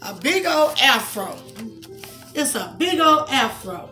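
A woman, reading a picture book aloud to her young child in a soft, coaxing way, with asides. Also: sits high, very animated, takes it slowly, soft background music.

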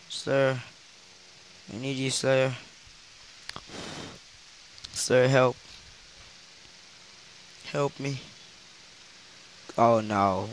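A teenage boy commentates his phone game at an unhurried pace, his voice sitting in an ordinary middle range. He gasps and repeats himself when things go wrong, with a faint hiss under the recording. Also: mid-range voice, rough recording. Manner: excitable, gasping reactions and repeated exclamations. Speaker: gaming channel host. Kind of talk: live gameplay commentary.

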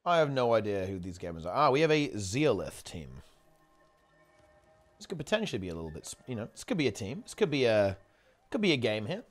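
A man's voice: mid-range voice, sing-song, a little fast, soft background music. A man casting a live online game tournament in a chatty, rambling way, often correcting himself mid-sentence. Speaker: esports tournament commentator. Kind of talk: casual live game commentary.

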